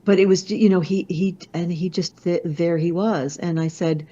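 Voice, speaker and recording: A woman who is a motivational speaker, telling a personal story in an expressive way, with many restarts and asides. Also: lowish voice, moderate pace. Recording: slightly muffled lo-fi audio.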